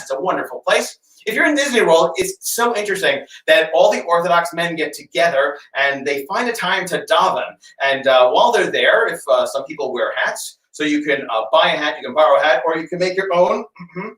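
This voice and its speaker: Chatty magician, roomy and distant. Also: male voice, on the high side, fairly bright tone. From United States. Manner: chatty, halting with many fillers. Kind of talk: comic magic show patter. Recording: roomy sound, distant from the mic.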